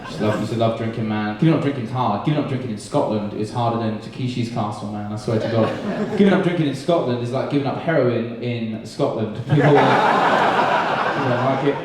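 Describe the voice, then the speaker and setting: A man from England doing a sweary, animated stand-up set, telling stories and slipping into character voices. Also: mid-range voice, fairly quick, heavy background noise. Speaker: stand-up comedian. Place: comedy club stage with audience. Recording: echoey live room, distant mic.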